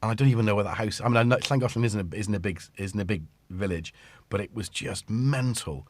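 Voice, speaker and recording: A man's voice: lowish voice, fast talker, a little hiss or hum. A middle-aged British man hosting a livestream, chatting casually into a studio mic and often interrupting himself. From Britain. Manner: rambling, self-interrupting, chatty with the audience. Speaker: livestream host. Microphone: studio microphone.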